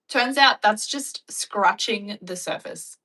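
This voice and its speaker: Aussie lady vlogging, blunt and jokey, slightly low pitched, bright tense tone. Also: normal speed, rough recording. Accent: Australian. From Australia. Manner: chatty, blunt and joking, with animated retellings. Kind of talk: casual chat reacting to viewer comments.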